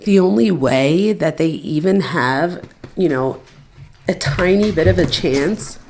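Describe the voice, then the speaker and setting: A woman with a low voice and a gravelly edge talks straight to her livestream viewers from a home setup. Her delivery is loose and chatty, full of asides and "you guys." It sounds like a casual live commentary stream. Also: expressive, takes it slowly, a little mellow, slight background noise. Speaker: true crime commentary host.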